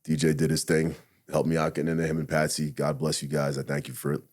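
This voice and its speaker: Deep, husky, fast-talking retired cop. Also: male voice. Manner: blunt, profane, animated retelling with acted-out inner quotes. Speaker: retired police officer, podcast guest. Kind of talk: casual storytelling interview.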